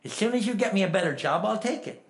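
A man's voice: sits high, lively intonation, quick pace, pitched above the performer's own voice. A man preacher voicing a cheerful grown man with a lisp, quoted in a sermon with blunt, joking energy. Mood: confident. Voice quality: lisping.

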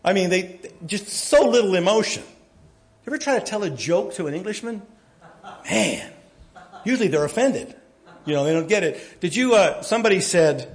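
Man, pastor, sermon, folksy storytelling, joking, fairly high voice, volume rising and falling. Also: moderate pace. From United States. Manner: folksy storytelling, jokes, animated swings in loudness.

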